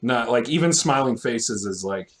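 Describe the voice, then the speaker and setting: A young man co-hosting a casual music podcast, talking loosely and laughing often. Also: moderate pace. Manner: animated, laughing, swearing, jumps into falsetto jokes. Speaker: podcast co-host. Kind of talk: casual chat.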